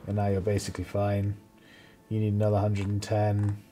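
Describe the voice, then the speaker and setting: A man commentating his own strategy gameplay, swearing freely and getting loud when the fight turns. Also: on the low side, normal speed, soft background music. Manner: excitable, swears a lot, mocks enemies. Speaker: let's play host.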